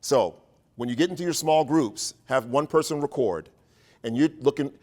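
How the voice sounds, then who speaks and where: A man leading a workshop for educators, telling a playful, animated story and joking with his audience. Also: medium pitch, normal speed.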